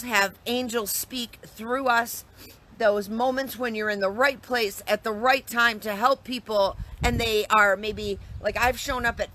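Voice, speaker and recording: A woman's voice: on the high side, pushed and bright. A woman telling a personal story in a casual, earnest way, often restarting and repeating herself. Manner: earnest, reflective, with frequent restarts and repetitions.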